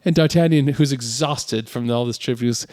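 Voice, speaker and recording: A man's voice: medium pitch, normal speed, darkish tone, no room sound, clean studio sound. A man co-hosting a podcast, animatedly retelling a film and laughing often. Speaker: podcast co-host. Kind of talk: casual chat.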